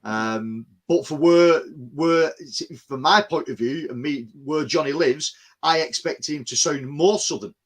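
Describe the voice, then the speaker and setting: A man's voice: fairly high pitch, unhurried, hardly any pauses. A man from England, chatting casually as a podcast host, rambling with lots of restarts. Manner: rambling, many restarts and "you know what I mean". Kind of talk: casual chat.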